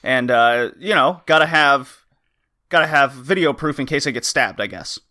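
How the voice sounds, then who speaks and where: A man co-hosting a podcast, casually telling an animated story, laughing often and swearing casually. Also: medium pitch, normal speed. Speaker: podcast co-host.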